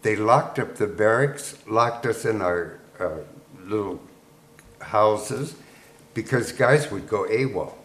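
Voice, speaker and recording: A lowish, animated voice belongs to a veteran from the United States, now in his eighties, who talks slowly as a guest. He recalls the war at an easy pace and chuckles as he goes, in an echoey room with faint background noise.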